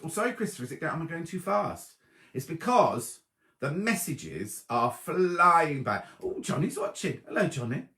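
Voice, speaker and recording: A middle-aged man hosting a casual live stream, reading out viewers' messages and greeting them by name. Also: medium pitch. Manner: chatty, reads viewer messages aloud, warm greetings. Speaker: host of a live sewing chat stream. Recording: roomy echoey live stream.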